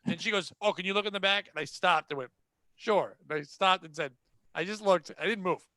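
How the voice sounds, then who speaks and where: High, bright-voiced man telling a blunt story. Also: a little fast, dry recording. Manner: animated, acts out the people in his stories; blunt, sarcastic. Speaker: podcast host telling a retail story. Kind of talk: casual storytelling chat.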